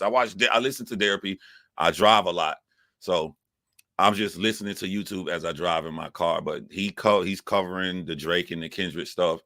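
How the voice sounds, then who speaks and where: A man's voice: deep voice, moderate pace, pushed and bright, dry recording, studio quality. A man hosting his own livestream, talking casually and rambling with frequent restarts into his phone. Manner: rambling, self-correcting, chatty. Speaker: YouTube livestream host.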